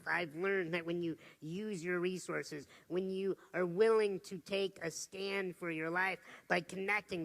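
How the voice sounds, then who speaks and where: Gravelly, bright-voiced motivational speaker man. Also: high-pitched. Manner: energetic, humorous storytelling. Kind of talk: motivational talk to a live audience. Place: stage before an audience.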